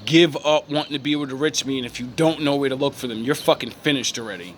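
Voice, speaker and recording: A man's voice: mid-range voice, fast talker, slight background noise. A man from the United States giving a blunt, profane rant as a vlogger, mocking his targets and laughing between points. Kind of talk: ranting opinion monologue.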